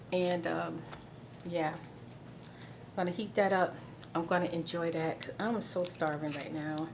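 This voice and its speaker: Chatty middle-aged woman vlogging. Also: fairly low pitch. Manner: chatty and rambling, exasperated asides. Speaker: vlogger host. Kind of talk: casual chat. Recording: noticeable background noise.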